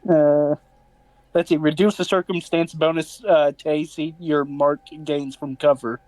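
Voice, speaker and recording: A man's voice: a little high, fairly even intonation, measured pace, darkish tone, no room sound. A man playing a tabletop game, hesitating and checking rules aloud. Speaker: player. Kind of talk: casual tabletop game talk.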